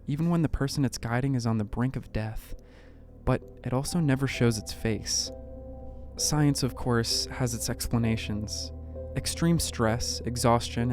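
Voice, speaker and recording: A man giving a measured, suspenseful scripted narration for a documentary about unexplained events. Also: mid-range voice. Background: faint background music.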